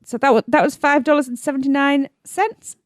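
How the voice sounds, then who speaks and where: A woman's voice: high voice, fairly even intonation, fairly quick, dry recording, studio quality. A woman co-hosting a podcast in casual chat, giggly and playful, tripping over words. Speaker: podcast co-host.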